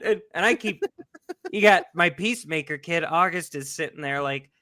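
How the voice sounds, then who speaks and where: A man in his thirties co-hosting a casual chat, an animated storyteller who laughs often. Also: on the high side, moderate pace, no echo, clean studio sound. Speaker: podcast co-host.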